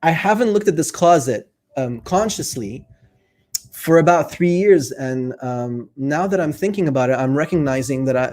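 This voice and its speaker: A life coach speaks to camera in a casual, earnest, reflective monologue, thinking aloud with fillers and opening up about his feelings as he coaches viewers. His voice is a little high with a darkish tone, lively intonation, and a moderate pace.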